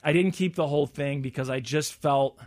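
A man in his forties in casual chat, an animated storyteller who acts out the people he quotes. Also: fairly high pitch, normal speed. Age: 40s.

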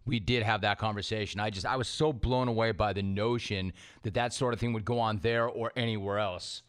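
A man hosting a sports podcast, confident and smooth, running through picks and questions. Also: on the low side, steady tone, fairly quick. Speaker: podcast host.

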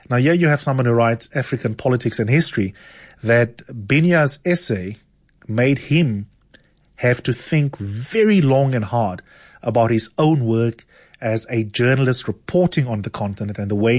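A man's voice: mid-range voice, dry recording, clean studio sound. A man hosting a radio literature segment, talking conversationally with hesitant fillers between excerpts. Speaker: radio show host.

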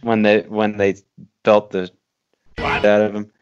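A man in a casual podcast chat with friends, talking in a lively way and laughing through his words. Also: on the low side, unhurried, background noise. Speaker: podcast guest. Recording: dull lo-fi dry sound.

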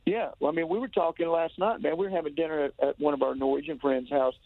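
A man's voice: a little high, steady tone, fast, gravelly, no echo. A man from Tennessee with a Southern accent, calling in to a radio interview and talking in a rambling, enthusiastic way full of restarts. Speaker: touring musician guest calling in. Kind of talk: casual phone interview. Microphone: telephone. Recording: tinny phone line, dry.

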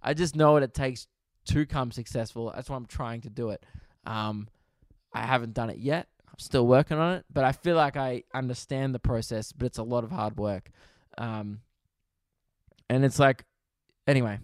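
A man's voice: mid-range voice, moderate pace, no echo. A young man hosting a casual solo podcast, rambling and sarcastic, swearing freely into a close mic. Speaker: podcast host.

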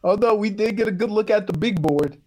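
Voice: medium pitch, a little fast, dark tone. A co-host on a sports talk show, teasing the others in casual banter. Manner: teasing, laughing.

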